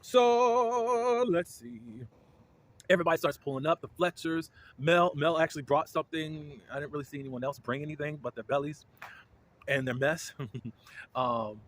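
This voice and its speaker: Man, somewhat high voice, chatty animated recap of reality TV, quick to laugh and judge. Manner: animated, opinionated, laughs often. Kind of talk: casual episode recap.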